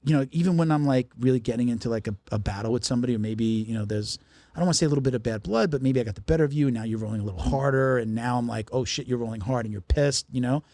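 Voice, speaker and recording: A man's voice: mid-range voice, very fast, mellow, dry recording, studio quality. A man in his fifties hosting a podcast, talking in a loose, chatty, joking way. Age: 50s. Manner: chatty joker. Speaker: podcast host. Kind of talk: casual chat.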